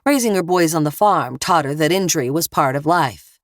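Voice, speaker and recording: A woman reads a thriller audiobook in a measured, steady voice. Her voice sits very low for a woman, and the studio sound is dry and close. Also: dry recording. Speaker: audiobook narrator. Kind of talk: scripted narration.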